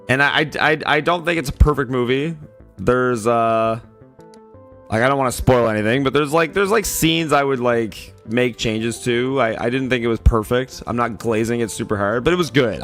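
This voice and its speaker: A man with a groggy, raspy morning voice talks loosely to his stream chat, padding his sentences with fillers as he greets people by name. His pitch sits in an ordinary middle range, and faint music plays quietly underneath. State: just woke up, yawning. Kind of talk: casual livestream chat.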